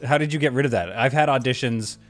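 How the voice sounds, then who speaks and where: A Canadian man co-hosting a podcast, teasing the guest deadpan in casual comedic chat. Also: medium pitch, fast, faint music behind. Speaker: co-host.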